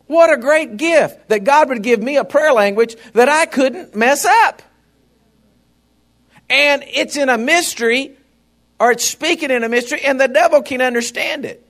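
A man's voice: very high voice, animated, moderate pace, fairly bright tone. A man preaching a sermon in a folksy, conversational way, often turning to the congregation with asides.

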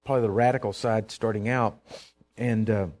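Animated preacher man. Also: fairly low pitch, brisk. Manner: animated, acts out scenes with sudden loud outbursts. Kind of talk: sermon.

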